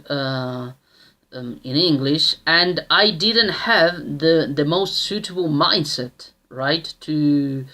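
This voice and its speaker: Man in his thirties, slow and halting, lots of restarts. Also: fairly high pitch, pushed and bright. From Australia. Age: 30s. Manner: slow and halting, with many restarts and tag questions. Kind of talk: casual personal storytelling.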